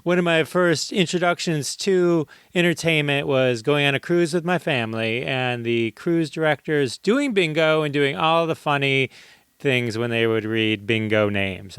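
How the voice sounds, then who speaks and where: A man's voice: on the high side, unhurried, fairly bright tone, clear, resonant tone, no room sound, clean studio sound. A man hosting his own comedy podcast, talking in a jokey, playful way with mock-ad patter. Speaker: podcast host.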